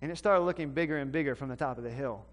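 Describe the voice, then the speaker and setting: A man from the American South preaching a sermon, telling a story with animated swings between loud and hushed delivery. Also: medium pitch, very fast. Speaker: pastor. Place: church sanctuary. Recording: long hall reverb.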